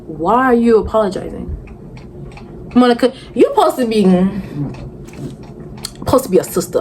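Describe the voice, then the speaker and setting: A woman's voice: on the high side, moderate pace, pauses often, poor audio. Sassy young woman with a faint hiss. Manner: animated, sassy, talks back at the screen with rhetorical questions. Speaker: vlogger reviewing a reality show. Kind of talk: casual chatty TV recap.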